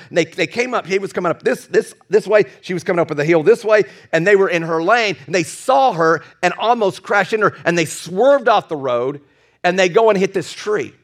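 High-voiced earnest preacher man. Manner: earnest, repetitive, builds to emphatic peaks; chuckles at his own asides. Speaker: pastor. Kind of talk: sermon.

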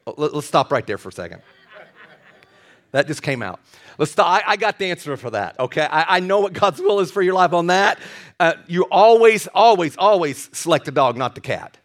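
This older man preaches in a high, light voice. His sermon is folksy and full of jokes, and he trips over his words and restarts as he goes. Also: big pitch swings, moderate pace. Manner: folksy and joking, with many restarts and asides. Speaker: pastor.

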